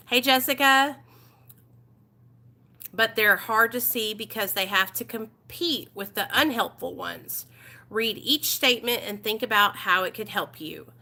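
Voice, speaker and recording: A woman's voice: medium pitch, pushed and bright. A woman with an East Texas accent hosting a casual recovery support livestream. She reads workbook passages aloud and chats bluntly with viewers, greeting them and answering their comments.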